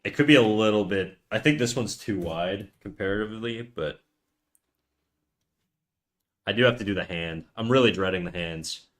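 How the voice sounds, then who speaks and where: A young man streaming live as he draws, chatting casually with his viewers and trailing off quietly while he concentrates. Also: lowish voice, moderate pace, long pauses.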